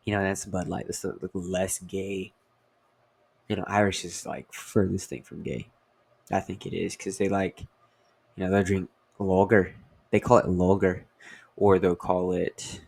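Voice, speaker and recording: A young man with a very low, gravelly voice, drifting through a loose comedy monologue. He keeps stopping to correct himself and stacks up ums and you-knows as he goes. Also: fairly even intonation, moderate pace, long pauses. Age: young adult. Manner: meandering, filler-heavy, self-correcting. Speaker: comedian host. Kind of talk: casual rambling monologue.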